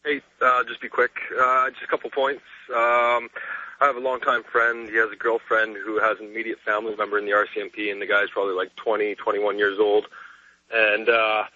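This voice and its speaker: A man's voice: on the low side, little pitch movement, fairly quick, pushed and bright, no room sound. A man from Canada calling in to a radio show, talking hesitantly with many fillers. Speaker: caller. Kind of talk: phone-in call to a radio show. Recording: dull phone line.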